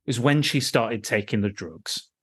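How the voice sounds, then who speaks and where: A man's voice: medium pitch, animated, unhurried, fairly bright tone, slightly rough. A man hosting a podcast, chatting casually about a film in a rambling way with lots of swearing and restarts. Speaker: podcast host. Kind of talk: casual film review chat.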